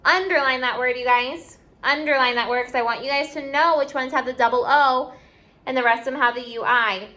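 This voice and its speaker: A woman's voice: high voice, steady tone, brisk, pushed and bright. A woman teaching a class, spelling words out letter by letter and mixing in Spanish words. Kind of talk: online class lesson.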